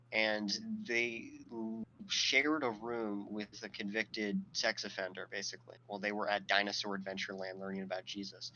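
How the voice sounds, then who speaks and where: A man hosts a casual podcast, telling a long, wandering story loaded with swearing and filler words. His voice is bright and forward. A faint hiss of noise sits under the recording. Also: on the low side, dull audio. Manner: rambling and profane, full of fillers; laughs at his own storytelling. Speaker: podcast host.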